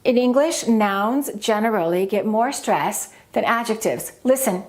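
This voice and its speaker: A woman's voice: a little high, lively intonation, darkish tone. Woman teaching English pronunciation. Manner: clear, deliberate modelling of example sentences. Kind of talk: pronunciation lesson with spoken examples.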